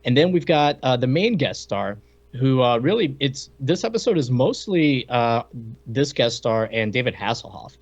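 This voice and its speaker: A man's voice: medium pitch, very animated, moderate pace, highs cut off. A man co-hosting a podcast, chatting casually and fumbling over names. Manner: rambling, hesitant with names. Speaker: podcast co-host.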